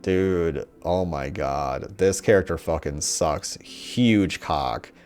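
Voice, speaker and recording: A young man giving rambling, profane, mocking commentary, often putting on quick voices of characters. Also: low voice, a little mellow, smooth, soft background music. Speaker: commentator on a TV show. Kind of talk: casual ranting commentary.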